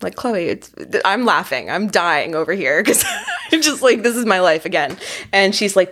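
A young woman in her twenties tells a story on a podcast in a somewhat low voice. She laughs a lot as she talks and acts out what other people said. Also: moderate pace. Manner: animated, laughs often, acts out quotes. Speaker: podcast guest. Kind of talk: casual storytelling chat.

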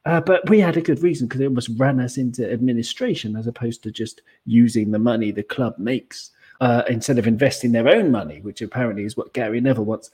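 A man's voice: mid-range voice, fast, few pauses, breathy edge. A man hosting a casual football podcast, steering the talk and asking the others for their views. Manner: questioning, lively, steering the talk. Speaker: podcast host.

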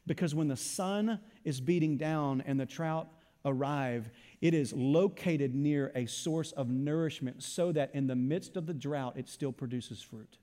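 A man delivers a sermon with a high, lifted voice that bounces off a church sanctuary, its long reverb trailing behind each phrase. He preaches in an animated way, asking the congregation questions and acting out what they might say. His delivery keeps shifting between loud, eager stretches and softer, more earnest ones. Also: unhurried. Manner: animated, acts out imagined voices of the listeners. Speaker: pastor.

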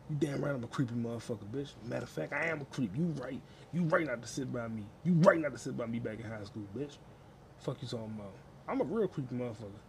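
A man's voice: mid-range voice, quick pace, creaky, darkish tone, slight background noise. A man hosting a crude solo podcast from his home kitchen, rambling, swearing constantly and laughing at his own jokes. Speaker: podcast host.

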